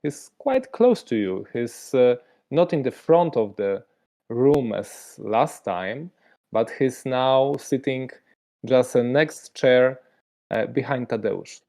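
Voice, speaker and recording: Slow, halting game master with a Polish accent. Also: mid-range voice, expressive, warm tone. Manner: halting, with many fillers. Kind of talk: narrating a tabletop game.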